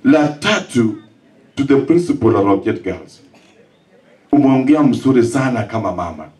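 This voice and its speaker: A man's voice: medium pitch, lively intonation, moderate pace, darkish tone. A man with a Kenyan accent giving a rousing, impassioned speech at a funeral, often rising to emphatic cries. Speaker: speaker at a funeral, teacher and politician. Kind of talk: impassioned public address. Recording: voice picked up from a distance.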